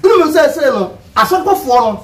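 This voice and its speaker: A man talking animatedly in a casual chat about religion, laughing, stuttering over words and breaking into shouts. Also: extremely high pitch, very fast. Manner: excitable, often laughs and shouts, restarts words. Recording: echoey room from far off.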